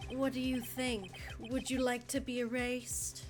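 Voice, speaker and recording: A woman voicing a cool, menacing female mafia boss, speaking slowly and calmly with quiet threat. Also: fairly high pitch, music in the background, close to an everyday voice. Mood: cold menace. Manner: slow, calm, threatening.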